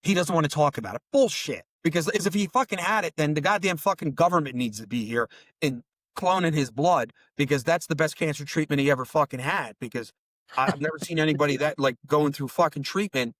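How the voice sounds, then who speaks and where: A man's voice: on the high side, fairly quick, fairly bright tone, no echo. A middle-aged man, a bereaved father, telling stories in an emotional interview; he talks in a rambling, heated, profane way. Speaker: bereaved father and podcast guest.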